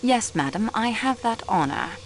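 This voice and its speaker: Calm, formal French woman sleuth, game role, expressive lilting delivery. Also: fairly high pitch, moderate pace, slight background noise. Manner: calm, polite, formal questioning. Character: composed French female investigator. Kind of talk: video game voice acting.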